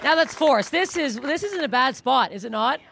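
A woman's voice: sits high, animated, a little fast, creaky. A woman from Canada performing a crude stand-up set, teasing the audience and laughing through her lines. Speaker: stand-up comic. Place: comedy club stage. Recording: live club recording with loud crowd and noise.

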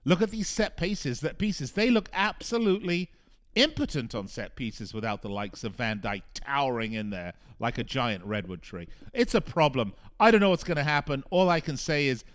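A man's voice: medium pitch, very animated, normal speed, fairly bright tone. A male soccer radio host giving a frustrated, emphatic talk monologue, repeating phrases for punch. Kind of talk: opinionated sports talk monologue.

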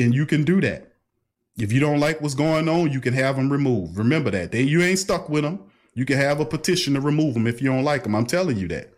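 A middle-aged man, hosting a casual call-in livestream in an animated, preachy way full of street slang. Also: medium pitch. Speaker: livestream talk host. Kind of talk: casual call-in talk stream.

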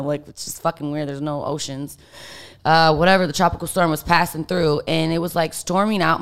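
Her voice is low and smooth. A young adult interview guest, she tells a story casually, in a candid, profane manner heavy with the filler "like."

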